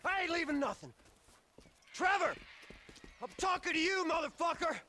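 An actor playing a distraught, jealous biker addict in a video game, yelling accusations and then pleading. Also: male voice, very high-pitched, expressive, moderate pace, slight background noise, full character voice. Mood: furious.

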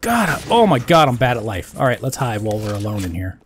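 A man's voice: mid-range voice, quick pace. Man joking through a gameplay session. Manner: joking, excitable, swears when losing. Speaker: gaming channel host. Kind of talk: casual gameplay commentary. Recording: faint noise with game gunfire behind.

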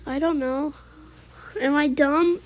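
A woman's voice: high voice, fairly even intonation, slow. A woman gamer in playful banter, silly and giggly, squealing and yelping as she plays.

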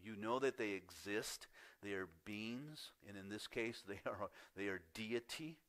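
A pastor delivering a sermon in a low-pitched male voice. He reads scripture and then shifts into candid, conversational storytelling. His voice swings up when he gets worked up and falls quiet and soft on the points he wants to stress. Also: a little slow.

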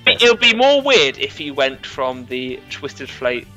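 Dry, wry male gamer, bright tone, middle pitch. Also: very animated, measured pace, muffled recording, faint music behind. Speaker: gaming commentator. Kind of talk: casual gaming chat.

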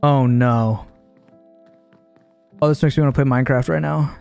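A man doing a casual live-stream reaction, chatty and animated, now and then bursting into loud joking shouts. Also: medium pitch, moderate pace, gravelly, smooth, faint music behind.

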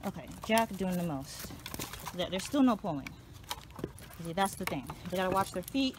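A woman's voice: lowish voice, lively intonation, normal speed, background noise. A woman chatting casually to her viewers as she walks her dogs and talks to them, calling the audience y'all. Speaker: vlogger walking her dogs. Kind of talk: casual vlog chat. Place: outdoors on a hiking trail, then a home yard.

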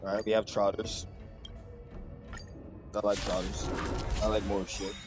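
A young man commenting casually on a video game he is playing, swearing a lot and switching between flat muttering and loud outbursts. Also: lowish voice, a little slow. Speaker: gamer streamer. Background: game music.

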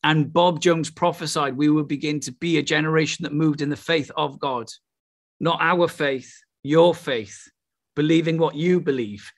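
A middle-aged Welsh man preaching with exuberant, excitable energy. His voice sits fairly high for a man, and he tosses out exclamations as he goes. It has the feel of a charismatic sermon. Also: moderate pace. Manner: exuberant, breaks into laughter and exclamations.

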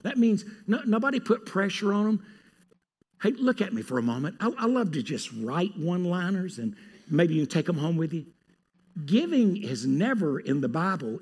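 Husky animated preacher man. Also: on the high side. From North Carolina. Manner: animated preacher, swings from hushed asides to loud pleading. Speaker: pastor. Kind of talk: sermon.

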